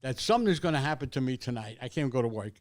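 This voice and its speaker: A man's voice: medium pitch, animated, quick pace. An older man, telling a rambling, profane story as a guest in casual chat, repeating words as he goes.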